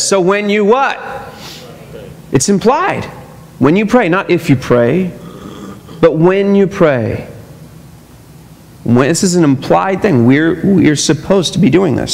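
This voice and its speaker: Middle-aged pastor guy, gravelly, kinda high voice, chatty sermon, big church reverb. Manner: conversational preaching, mimics hypocrites in mocking voices. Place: church sanctuary. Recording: long church hall reverb.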